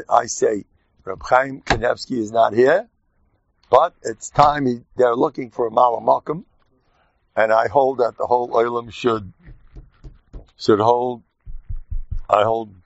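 A man giving an informal, joking Torah talk to his class, lively and animated. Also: medium pitch, gravelly, no room sound. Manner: animated, jokey, mixes Yiddish and Hebrew terms. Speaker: rabbi teaching a class. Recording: dull dry lo-fi sound.

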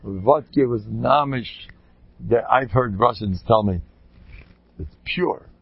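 A man's voice: medium pitch, unhurried, vocal fry, slightly rough, dry recording, muffled recording. A man telling rambling, joking stories, with frequent restarts and asides. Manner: digressive, joking, many restarts. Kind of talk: rambling anecdotal talk with jokes.

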